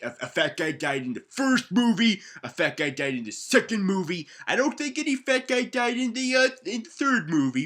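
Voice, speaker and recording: A young man giving a casual comedic movie recap, rambling, excitable and swearing. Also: a little high.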